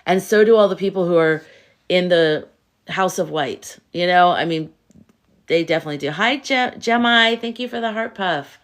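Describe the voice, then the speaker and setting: A woman's voice: lowish voice, normal speed. A woman hosting a live stream as a tarot reader, chatting casually, firing off rhetorical questions and answering viewer comments. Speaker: tarot reader and livestream host.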